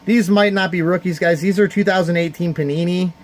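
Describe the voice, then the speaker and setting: A man's voice: high voice, fairly even intonation, brisk. A man from the Cleveland area hosting a casual livestream charity card auction, heartfelt and rambling as he thanks viewers by name. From Cleveland area, United States.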